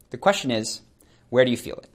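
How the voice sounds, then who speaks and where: Fast-talking man coaching voice and charisma. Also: mid-range voice. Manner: animated and conversational, demonstrating voice techniques; self-described fast speaker. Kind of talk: instructional talk to camera.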